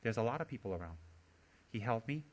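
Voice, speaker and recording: A man, a Buddhist teacher, giving a dharma talk as animated storytelling, often laughing and teasing his listeners. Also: mid-range voice, quick pace.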